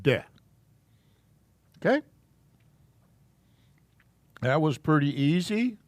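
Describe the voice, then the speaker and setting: A man teaching a Hebrew alphabet class in a church classroom, explaining slowly and casually. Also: fairly high pitch, clean tone, dry recording.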